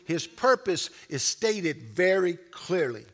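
A man pastor preaching a sermon, building up with loud, repeated refrains. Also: sits high, animated, moderate pace, hardly any pauses. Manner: preaching with rising, shouted repetition.

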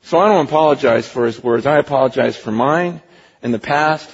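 A male pastor delivering an impassioned sermon, swinging from hushed to near-shouting, with a husky voice. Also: medium pitch, brisk. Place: church sanctuary. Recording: lo-fi recording with long hall reverb.

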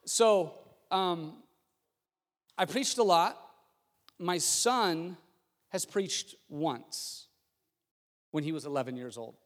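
This man in his thirties is a pastor whose sermon starts conversational and funny, then climbs into emphatic repetition. He speaks slowly at a fairly high pitch, leaving long pauses, while faint music and a long hall reverb fill the recording.

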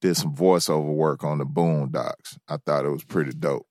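A man's voice: very deep voice, steady tone, normal speed, a little mellow, no echo, clean studio sound. A man co-hosting a casual radio show, telling stories in a laid-back way with lots of swearing and hesitant fillers. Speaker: radio co-host.

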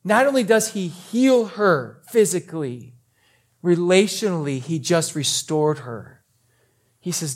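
High-voiced man preaching a lively sermon. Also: slow. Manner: animated storytelling, acting out quoted voices; casual, conversational preaching. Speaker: pastor.

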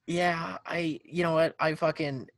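A man's voice: on the high side, a little slow, dry recording. A man hosting a casual car podcast, swearing and laughing as he rants. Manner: profane, animated, laughing ranter. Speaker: podcast host.

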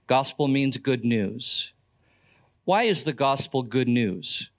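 A man's voice: medium pitch, animated, takes it slowly. An older man preaching a sermon as pastor, earnest, with folksy asides and stories about family.

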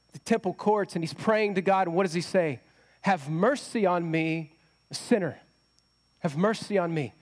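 A man's voice: high voice, a little mellow. A man preaching a conversational sermon as a pastor, often asking the congregation rhetorical questions.

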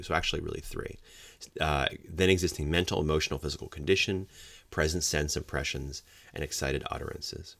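A man's voice: extremely low pitch, gravelly, no room sound. A middle-aged man lecturing law enforcement on the hearsay rule, explaining step by step and acting out the examples he quotes. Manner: explanatory, acts out quoted examples with sudden loud outbursts. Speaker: legal trainer for law enforcement.

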